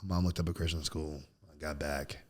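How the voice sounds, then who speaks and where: A man in his thirties, a podcast guest, telling a story in casual chat, animated and throwing in "bro" a lot. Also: extremely low pitch, fairly quick. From United States. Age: 30s. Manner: animated storyteller, acts out quotes loudly, says "bro" often.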